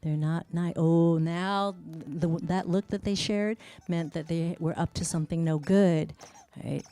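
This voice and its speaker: A woman speech-language pathologist giving a parent education class, narrating a video with lively exclamations. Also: on the low side, unhurried, smooth. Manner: animated, exclaiming while narrating a video for kids.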